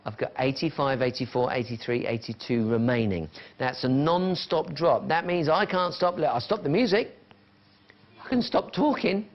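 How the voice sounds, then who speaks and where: A man hosts a live shopping channel, chatting away and counting down prices in a live TV sales pitch. His voice is mid-range with a little hiss or hum, and the broadcast sounds dull and lo-fi with music playing behind him.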